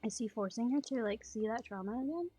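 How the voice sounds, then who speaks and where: A woman's voice: a little high, lively intonation, fairly quick, warm tone, slightly rough, faint music behind. A woman streaming a game, making offhand quips and reading dialogue aloud. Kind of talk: casual gameplay commentary.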